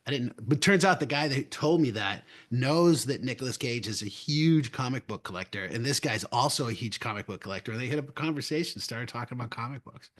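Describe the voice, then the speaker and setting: A middle-aged man co-hosts a casual trading podcast. He tells long, meandering stories, restarts his sentences often and chuckles along the way. His voice sits at an ordinary middle pitch. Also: expressive, fairly quick, hardly any pauses. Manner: rambling storyteller, chuckles often, frequent restarts. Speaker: podcast co-host. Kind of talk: casual chat.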